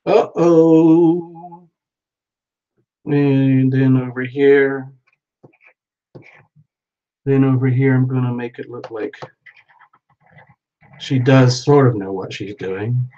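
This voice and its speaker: A man's voice: mid-range voice, level tone, takes it slowly, long pauses, warm tone. A playful man chatting with his live viewers as he paints, narrating each step with frequent exclamations. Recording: dull lo-fi sound.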